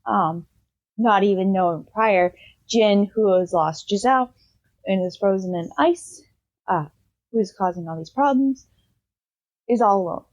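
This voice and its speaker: A woman chatting casually on her book review podcast, retelling a story with plenty of "um" and "like." Her pitch sits in an ordinary middle range, and her delivery is loose and unscripted. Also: unhurried, pauses often, no echo, dull audio. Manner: rambling, full of "um" and "like", animated retelling.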